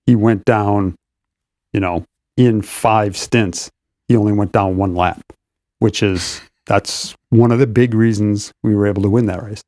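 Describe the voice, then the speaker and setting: Low mellow man explaining racing. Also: steady tone, no echo. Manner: measured, explanatory, with restarts. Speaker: racing competition director, co-host. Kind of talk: casual podcast chat.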